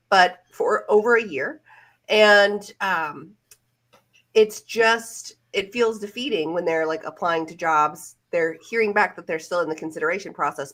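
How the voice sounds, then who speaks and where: A woman's voice: medium pitch, a bit bright. A woman career coach co-hosting a live-stream Q&A, giving reassuring, practical interview advice. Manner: reassuring, advisory.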